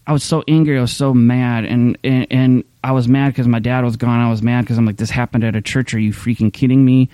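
A man's voice: medium pitch, dark tone, dry recording. A man preaching a sermon in a candid, conversational way, often restarting his sentences. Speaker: pastor. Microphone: streaming camera mic.

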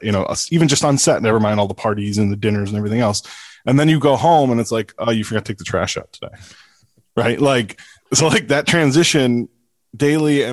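A man co-hosts a podcast, winding through a long question with self-deprecating asides. His voice sits low for a man. The sound is dry and close to the mic. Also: no echo. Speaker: podcast co-host. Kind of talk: casual interview chat.

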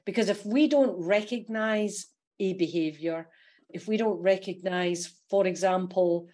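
A woman with a Scottish accent, a coach guesting on a podcast, explaining her ideas in a lively way and laughing often. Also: medium pitch, measured pace. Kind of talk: casual podcast interview.

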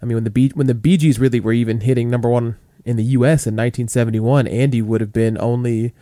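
A man's voice: mid-range voice, steady tone, quick pace, mellow, no echo, studio quality. A man co-hosting a casual chart countdown podcast, chatty and full of fillers. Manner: chatty, many fillers like "you know" and "like".

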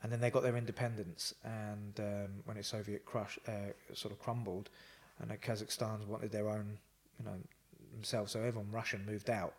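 A man's voice: on the low side, flat delivery, moderate pace, few pauses. A man tells his stories in a loose, rambling way. He fills his talk with ums and acts out what people said to him. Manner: rambling with frequent fillers and quoted dialogue. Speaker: podcast guest. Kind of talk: casual storytelling.

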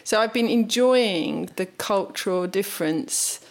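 A woman's voice: medium pitch, a little slow. A woman in casual podcast chat, talkative and laughing often as she tells stories. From England. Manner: chatty, laughs often, quotes others in little voices.

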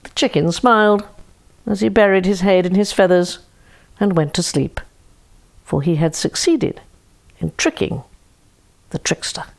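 A woman reading a storybook fable aloud in a slow, deliberate, expressive way. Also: mid-range voice, gravelly.

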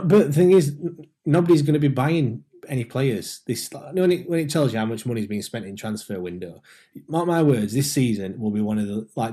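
A man's voice: mid-range voice, mellow. A man co-hosting a casual football podcast. He agrees readily and stammers through restarts. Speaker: podcast co-host.

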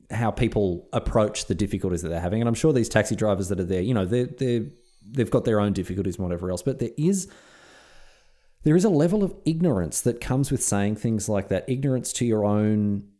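An Australian man co-hosting a podcast, his speech animated and full of rises and falls. His voice is mellow, and he sounds earnest and reflective, hunting for the right words as he thinks aloud. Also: lowish voice. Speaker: podcast co-host. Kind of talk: casual chat.

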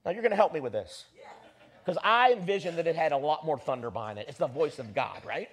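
A pastor preaching an animated sermon and leading his congregation in call-and-response. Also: fairly high pitch, fairly quick.

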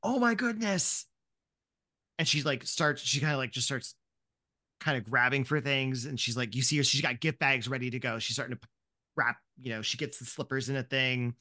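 A man's voice: mid-range voice, fairly even intonation, brisk, bright, forceful tone. A man hosting and narrating a tabletop game, rambling with many restarts. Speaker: game master and host.

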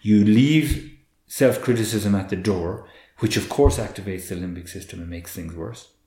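Deep-toned man, guest expert, animated and earnest, roomy echo. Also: normal speed. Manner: earnest, animated, repeats words as he restarts. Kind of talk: conversational explaining.

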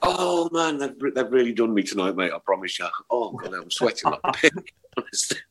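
A man's voice: on the low side, animated, brisk, noisy background. A man hosting a casual fan podcast, giggly and flustered, laughing between lines. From England. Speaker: podcast host. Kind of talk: casual chat.

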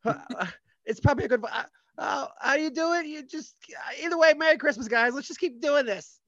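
A man's voice: extremely high pitch, a little fast, fairly bright tone, dry recording, lo-fi sound. Jingles: a man doing a jittery overeager elf. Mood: frantic. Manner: stammering, restarts, hyped on energy drinks. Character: overeager young male elf, jittery and pushy.

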